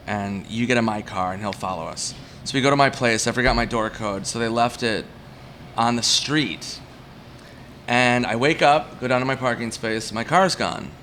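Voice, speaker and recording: A man of middle pitch tells loose, self-mocking comic stories at a bar, slipping into quick voices for the people in them. A faint hum of ambient noise sits under his voice. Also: a bit bright. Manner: rambling, self-mocking anecdotes with quick acted-out quotes. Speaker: comedian guest. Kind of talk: casual storytelling at a bar.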